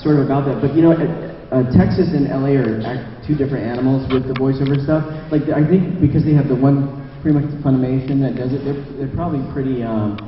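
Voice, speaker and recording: A man's voice: mid-range voice, steady tone, a little hiss or hum. Rambling man on a panel, echoey hall. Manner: rambling, halting. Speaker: voice actor on a convention panel. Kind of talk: casual panel talk. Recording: echoey convention hall, muffled.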